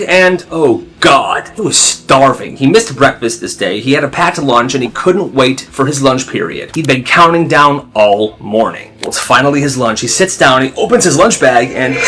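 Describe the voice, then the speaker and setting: A man telling stories in a dramatic, animated way, storytime style. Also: medium pitch. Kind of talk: storytime narration.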